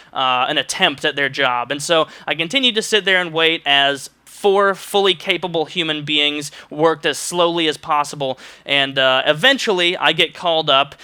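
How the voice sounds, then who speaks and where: Bright, crisp-voiced man ranting through a story. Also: fairly high pitch. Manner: ranting, exasperated storytelling, acts out quotes; says he can come off as curt. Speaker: vlogger telling a personal story. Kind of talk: storytime monologue.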